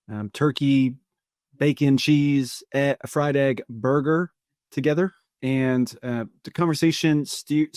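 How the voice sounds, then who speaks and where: Relaxed storytelling man on a dry mic. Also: medium pitch, no room sound. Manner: relaxed, anecdotal, many fillers and restarts. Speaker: financial coach. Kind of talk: podcast storytelling.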